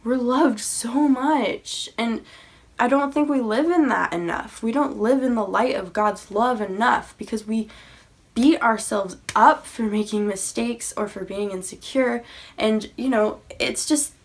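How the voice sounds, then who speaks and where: A woman's voice: fairly high pitch, a little slow. A young woman talking sincerely to her viewers about faith and insecurity, in a casual way with many fillers. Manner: sincere, uses many fillers like "you know" and "like". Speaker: faith vlogger. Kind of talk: earnest encouraging talk to camera.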